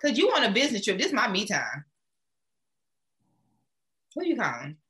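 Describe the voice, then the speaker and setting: A woman co-hosting a casual chat show, animated and blunt, swearing and laughing often. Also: mid-range voice, normal speed. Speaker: podcast co-host.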